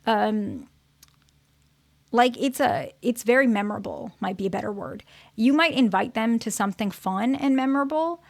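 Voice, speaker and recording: A woman's voice: fairly high pitch, moderate pace, gravelly. A woman therapist giving casual relationship advice to her viewers. She talks conversationally, often checks in by asking "okay?" or "right?", and corrects her word choices as she goes. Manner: corrects herself mid-sentence while searching for words.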